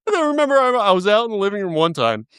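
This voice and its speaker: Guest storyteller: man, 30s, somewhat high voice, laughs often, curses freely, dry close mic. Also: very animated, very fast, a bit bright, smooth, no room sound. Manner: swears a lot, laughs through his stories. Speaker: podcast guest. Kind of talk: casual podcast chat.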